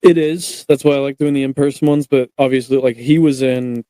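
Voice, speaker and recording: A man's voice: mid-range voice, steady tone, a little fast, mellow, no room sound. A young man hosting a podcast, talking in a laid-back, rambling way full of fillers. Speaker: podcast host. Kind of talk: casual podcast chat.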